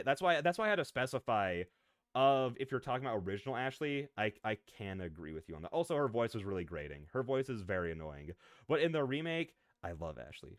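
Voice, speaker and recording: A man's voice: mid-range voice, no room sound. Guy vtuber chatting w chat, all over the place, goes off on tangents, laughs a lot, dry sound. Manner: rambling and excitable, prone to tangents and laughter. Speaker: VTuber streamer. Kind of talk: casual live-stream chat, answering viewers.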